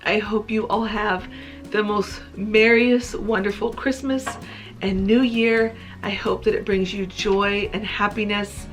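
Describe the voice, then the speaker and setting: A woman talks straight to her viewers in an earnest, heartfelt way. Her voice sits at a middle pitch, and a faint bed of music plays under it. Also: steady tone, unhurried. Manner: earnest, emotional, tearful at times. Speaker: craft vlogger. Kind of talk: heartfelt personal vlog talk.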